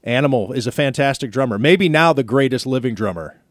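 A man's voice: medium pitch, animated, a little fast, dry recording, studio quality. A man hosting a radio talk show, telling a story in a chatty, playfully indignant way. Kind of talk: casual studio banter.

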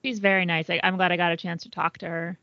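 A woman co-hosting a podcast in casual chat, supportive and animated, swearing freely. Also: lowish voice, fast, no room sound, muffled recording. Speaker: podcast co-host.

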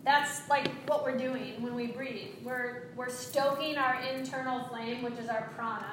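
A woman teaching yoga breathing, giving gentle, encouraging cues with quick asides. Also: a little high, steady tone, echoey room, noisy background. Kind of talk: guided breathing instruction.

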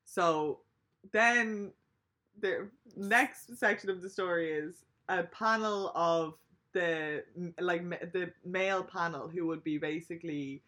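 A young woman, a podcast co-host telling a story in casual, animated chat and swearing freely. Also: on the low side, slow.

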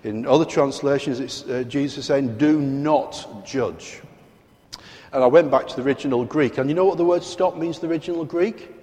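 A man's voice: mid-range voice, quick pace, hardly any pauses, darkish tone. A man with a British accent preaching a sermon, emphatic and fond of rhetorical questions to the congregation. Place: large church hall. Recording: long hall reverb.

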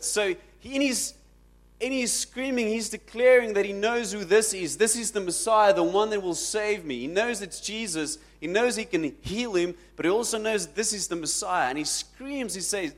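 Male pastor, fairly high voice, sermon style with dramatic loud swells. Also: lively intonation, unhurried. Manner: dramatic, rising to shouts when quoting.

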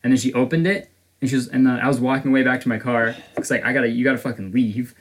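Young man, from Canada, podcast co-host, casual chat, rambling, swearing, middle pitch. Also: steady tone, quick pace, slight background noise. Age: young adult. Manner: rambling storyteller, swears a lot, acts out quotes.

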